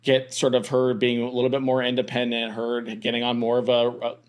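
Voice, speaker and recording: Rambling young dad chatting on a podcast. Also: male voice, medium pitch, monotone, fairly quick. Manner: rambling, many restarts and fillers. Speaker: podcast co-host. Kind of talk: casual podcast chat.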